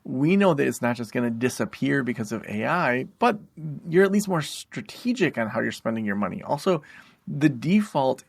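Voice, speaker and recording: A man's voice: mid-range voice, very animated, moderate pace, gravelly, breathy edge, no room sound, studio quality. A man hosting a solo podcast, explaining tips in a casual, rambling way with lots of fillers and asides. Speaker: podcast host and private practice consultant.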